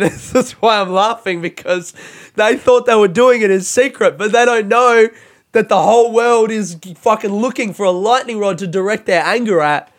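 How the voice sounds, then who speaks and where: Young male podcast host, fairly high voice, loose and profane storyteller who laughs through his own telling. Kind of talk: casual monologue.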